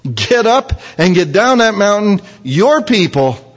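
A man's voice: high voice, big pitch swings, slow pace, dull audio, pitched above the performer's own voice, full character voice. A man voicing God as an urgent, commanding figure, with a raised, emphatic delivery, recorded dully in a reverberant hall. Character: commanding God urging Moses down the mountain.

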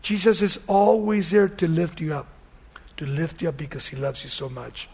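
A man preaching as a pastor, retelling scripture with animated storytelling and acting out the scenes, and closing in a quiet prayer. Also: a little high, moderate pace, husky. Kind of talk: sermon.

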